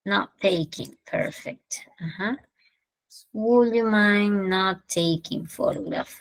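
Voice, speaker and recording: A woman with a Peruvian Spanish accent teaches English at an unhurried pace, switching between Spanish and English. She stretches out each example sentence slowly and clearly. The recording is dry and close, with no room echo. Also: medium pitch. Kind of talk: online English lesson.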